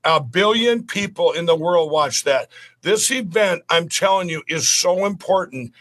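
A man's voice: fairly high pitch, lively intonation, unhurried, a bit bright. Rambling, earnest man with a raised voice. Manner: rambling, repeats and restarts words; earnest and pleading. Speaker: guest. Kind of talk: casual interview talk.

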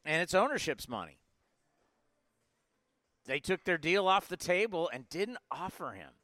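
A man in his forties hosting a live sports talk show, talking in an energetic, rambling way with lots of asides. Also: high voice, a little slow, dry recording. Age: 40s. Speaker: sports podcast host.

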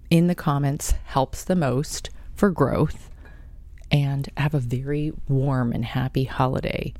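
A woman's voice: very deep voice, warm tone, no room sound. A woman hosting her own podcast, talking in a gushing, chatty and effusive way. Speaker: podcast host. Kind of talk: casual monologue.

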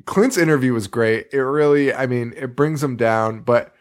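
Laughing, swearing podcast co-host. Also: male voice, medium pitch, moderate pace. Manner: animated, laughing, swears freely. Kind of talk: casual chat.

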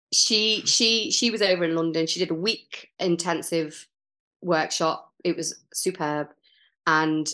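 A woman's voice: on the low side, a bit bright. A middle-aged woman, an improv teacher, talking casually and animatedly as a podcast guest, with many fillers and restarts.

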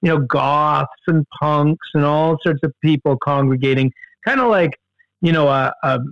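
A man telling a story in casual conversation, animated, with many fillers and restarts. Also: moderate pace, no room sound, muffled recording. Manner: animated, jumps in pitch for quoted outbursts, many fillers and restarts. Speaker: guest storyteller.

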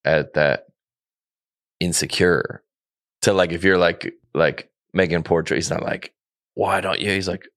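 A man hosts a podcast in a very low voice. He talks casually and haltingly, with lots of fillers. The sound is dry and close. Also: fairly even intonation, a bit bright, no room sound. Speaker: podcast host. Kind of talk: casual conversation.

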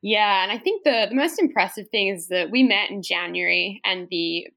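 A woman's voice: medium pitch, moderate pace, gravelly, pushed and bright. A young woman in her twenties from Australia, speaking with an Australian accent that has an American twang, talking in an upbeat, rambling way as a podcast guest. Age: 20s. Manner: upbeat, rambling, self-correcting. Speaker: guest, trail runner. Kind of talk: casual podcast interview.

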